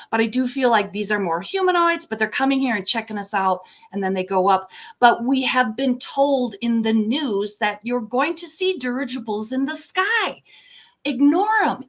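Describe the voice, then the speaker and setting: Her voice sits a touch higher than most women's. She is an older woman speaking as an interview guest in a loose, rambling way, earnest and a little emotional, often breaking into laughter. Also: a bit bright. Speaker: guest, contactee. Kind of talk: casual interview conversation.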